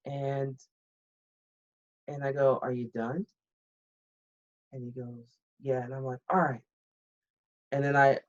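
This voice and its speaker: A woman in her fifties, a retired military pilot, candidly telling a story on a podcast and acting out the dialogue. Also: extremely low pitch. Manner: candid and blunt, animated retelling with quoted dialogue. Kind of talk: casual interview storytelling. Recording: slightly muffled, dull recording.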